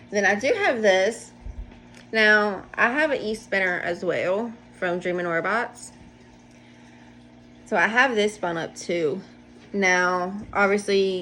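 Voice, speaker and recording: A woman's voice: medium pitch, fairly bright tone. A woman chats casually about her projects from home, rambling and poking fun at herself in an everyday middle voice. The recording carries a faint hiss underneath her talk. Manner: chatty, rambling, self-deprecating. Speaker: knitting podcast host. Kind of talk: casual show-and-tell chat. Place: home, indoors.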